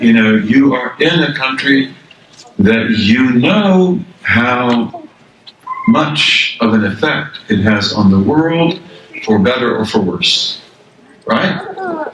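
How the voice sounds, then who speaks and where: A man's voice: mid-range voice, distant mic, background noise. An older man, an Islamic scholar, giving a conversational religious lecture, repeating phrases for emphasis and asking the audience questions. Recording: echoey room, speaker away from the mic.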